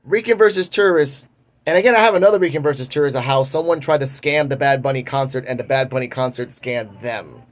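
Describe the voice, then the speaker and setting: Talking at a quick pace in a mid-range voice, a young commentary channel host from Puerto Rico casually walks through a news story. He restarts his sentences often.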